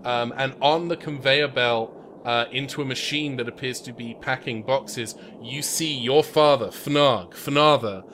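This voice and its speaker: A man narrating a tabletop game as game master in a relaxed, halting way, recorded remotely. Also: mid-range voice, slight background noise. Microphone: remote call mic.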